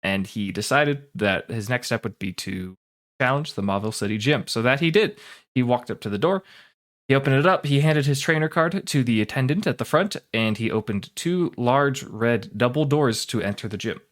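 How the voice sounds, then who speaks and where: A man's voice: mid-range voice, expressive, normal speed, fairly bright tone. A man narrating as game master of a tabletop game, talking casually with plenty of fillers.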